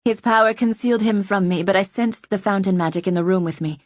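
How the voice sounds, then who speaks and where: A vengeful young woman poisoner, all tension and agitation, her voice lifted well above a low speaking register. She comes across dry and close, as in a storybook reading, voiced by a woman narrator. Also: fast, no room sound, lightly acted. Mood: shaken. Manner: intense, agitated. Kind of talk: audiobook character voicing.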